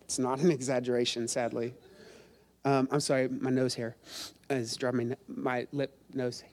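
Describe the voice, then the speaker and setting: A man's voice: medium pitch, flat delivery, moderate pace, a little mellow. A middle-aged male pastor preaching a sermon in a chatty, self-deprecating storytelling way, quizzing the congregation.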